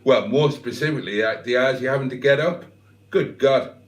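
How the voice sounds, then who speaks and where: A man's voice: mid-range voice, brisk, roomy sound. An older man hosting a livestream, reading out viewers' comments with jokey, self-deprecating banter. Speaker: livestream host. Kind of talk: casual live chat, reading out comments.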